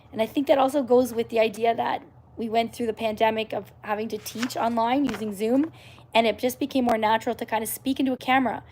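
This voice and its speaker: A woman from Canada chatting casually to viewers on her live stream, upbeat and encouraging, with many fillers and restarts. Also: on the high side. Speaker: YouTuber hosting a live stream.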